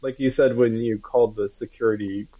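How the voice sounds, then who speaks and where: A man's voice: medium pitch, fairly even intonation, a little fast, muffled recording. A man in casual chat, speaking hesitantly and reflectively.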